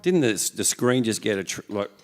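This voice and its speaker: A man's voice: lowish voice, lively intonation, normal speed, music in the background. An Australian man, a guest musician, joking around in casual, self-deprecating chat.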